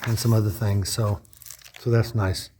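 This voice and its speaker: A man's voice: lowish voice, flat delivery, measured pace, mellow, breathy edge. Man musing aloud on a walkthrough. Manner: musing, thinks aloud with restarts. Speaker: vlogger touring a lodge. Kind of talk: casual walkthrough narration.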